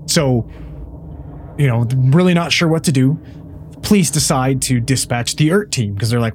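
A man's voice: medium pitch, normal speed, long pauses, a little hiss or hum. A man, a paramedic, telling a wild call story in casual chat, swearing freely and acting out what everyone said. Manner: profane, animated storyteller who acts out what people said.

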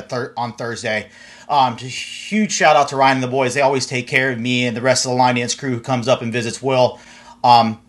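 Guy hosting a live stream show, upbeat, lots of ums, mid voice. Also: medium pitch. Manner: upbeat, filler-heavy shout-outs. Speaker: host. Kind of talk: casual livestream chat.

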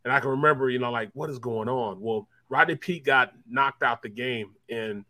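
A man's voice: medium pitch, normal speed, sharp tone, no echo. A man who used to play football, co-hosting a sports talk show and telling long rambling stories with lots of repeats. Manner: rambling storyteller, repeats himself. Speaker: co-host, former football player.

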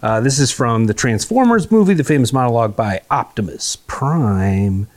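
A man's voice: mid-range voice, animated, normal speed. A man hosting a comedy podcast, running a game with playful, bouncy patter. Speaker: podcast host.

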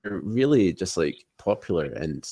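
A man co-hosting a casual wrestling podcast, talking haltingly with constant fillers. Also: sits low, very animated, creaky, dark tone, no room sound. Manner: halting, heavy use of "like". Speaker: podcast co-host.

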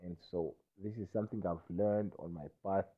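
A man's voice: low voice, steady tone, normal speed. A man rambling through a self-recorded monologue while intoxicated, stammering, restarting and asking whether you understand him. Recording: tinny phone-like sound.

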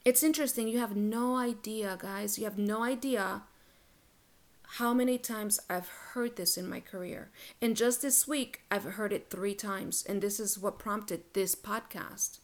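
A woman's voice: medium pitch, steady tone, measured pace. A woman hosting a solo relationship podcast, talking in a blunt, casual, profane and emphatic way. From Latin American heritage. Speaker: podcast host, relationship coach.

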